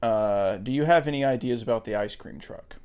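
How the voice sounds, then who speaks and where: A man co-hosting a podcast, chatting casually about a film in a thoughtful, hesitant way with frequent pauses. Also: medium pitch, a little mellow, clear, resonant tone. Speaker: podcast co-host.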